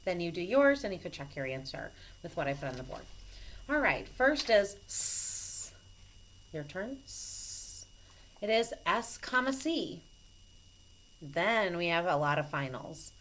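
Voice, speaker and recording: A woman teacher giving a recorded phonics lesson to children, speaking slowly and patiently and spelling out each letter clearly. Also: fairly low pitch, big pitch swings, a bit bright, a little hiss or hum, rough recording. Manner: slow, patient and clearly enunciated. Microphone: camera mic.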